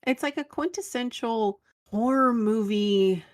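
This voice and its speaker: A woman's voice: on the high side, unhurried. A woman co-hosting a podcast, recapping scenes in casual chat and laughing often. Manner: giggly, recapping. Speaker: podcast co-host.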